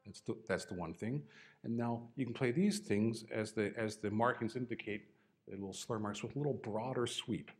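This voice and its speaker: A man's voice: lowish voice, normal speed, soft background music. A man teaching a trombone masterclass, coaching a student with short, encouraging cues and dry humor.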